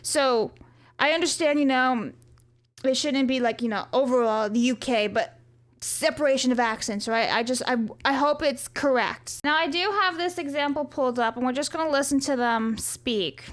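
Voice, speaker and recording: A high-voiced woman talks straight to her viewers in a loose, casual vlog. She is chatty and opinionated and rants freely, with plenty of asides. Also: moderate pace. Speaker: vlogger.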